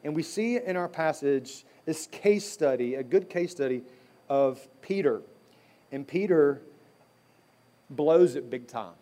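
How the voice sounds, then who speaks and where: A man's voice: a little high, animated, slow pace, dark tone. A middle-aged man preaching a sermon as pastor, talking in a conversational way with asides and restarts.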